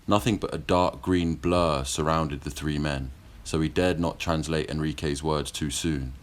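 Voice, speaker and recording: Very deep-voiced male audiobook narrator. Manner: measured, steady storytelling. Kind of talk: scripted narration.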